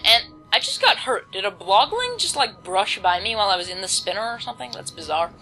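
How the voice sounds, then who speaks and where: A woman's voice: medium pitch, very animated, a little fast, bright, forceful tone, soft background music, low-quality recording. A teenage girl giving casual, rambling commentary on a video game she is playing, with lots of filler words. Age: teens. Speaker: let's play commentator. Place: home, volume kept low.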